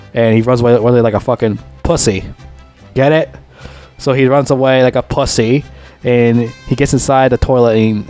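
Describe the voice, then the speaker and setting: A man casually reviewing a movie, rambling, swearing heavily and repeating himself, his voice jumping up high when he gets excited retelling scenes.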